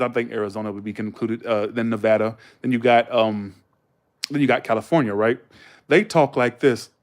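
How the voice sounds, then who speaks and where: Southern guy rambling on his livestream, kinda high voice, cusses a lot. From Southern United States. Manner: rambling storytelling, swears freely, mimics accents. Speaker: live streamer. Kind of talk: casual live-stream chat.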